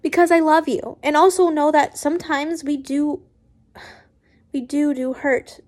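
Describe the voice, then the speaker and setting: Woman reading as a tearful young wizard. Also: sits high. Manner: hesitant, with restarts.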